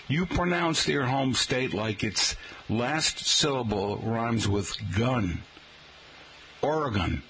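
Male teacher with an average-pitched voice, folksy talk-radio delivery, spells words out and says "folks" a lot. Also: a bit bright, a little hiss or hum, rough recording. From Boston area, Massachusetts. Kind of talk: talk-radio style lesson on regional pronunciation.

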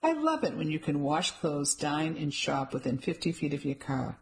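A woman's voice: low voice, sing-song, normal speed. A woman voicing a witty, theatrical woman friend who talks wryly. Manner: theatrical, wry.

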